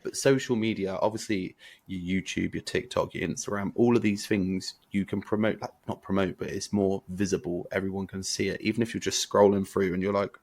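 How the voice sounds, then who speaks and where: A man around thirty co-hosting a podcast, talking in a laid-back, joking way with halting restarts. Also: deep voice, little pitch movement, a little mellow. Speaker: podcast co-host. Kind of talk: casual podcast chat.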